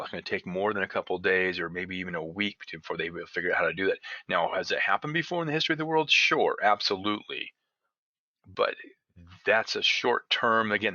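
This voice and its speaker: A man's voice: low-pitched, pushed and bright, no echo, dull audio. A man teaching day trading in a live webinar, talking conversationally and asking the audience rhetorical questions.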